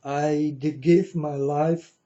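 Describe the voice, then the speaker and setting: Slow, dark-voiced man preaching to viewers. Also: on the high side, fairly even intonation, dull audio. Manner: slow, repetitive, keeps asking "you understand?". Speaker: channel host. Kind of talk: religious monologue to viewers.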